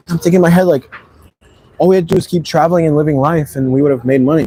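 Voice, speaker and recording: A man's voice: on the high side, very fast, warm tone, low-quality recording. A man vlogging, telling a personal story in a rambling, emphatic way full of slang. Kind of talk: casual storytelling.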